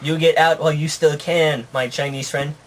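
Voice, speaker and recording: A man's voice: on the high side, fairly even intonation, normal speed, a little hiss or hum, close to an everyday voice. A man voicing a ruthless puppy drug kingpin. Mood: grave.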